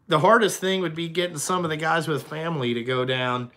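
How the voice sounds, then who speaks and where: A man's voice: fairly high pitch, fairly even intonation, a little fast, sharp tone. A young man, the owner of a trucking company, chatting casually and profanely on a live stream and answering viewers' questions.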